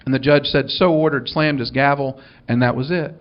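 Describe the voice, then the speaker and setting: A man's voice: medium pitch, fairly even intonation, normal speed, lo-fi sound. A man, a minister telling a funny story to an audience in a dry, wry way, acting out the dialogue.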